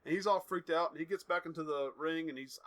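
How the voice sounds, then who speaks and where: Bright-voiced young man recapping wrestling. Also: a little high, quick pace. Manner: rambling storyteller, acts out quotes. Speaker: podcast co-host. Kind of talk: casual chat recapping wrestling.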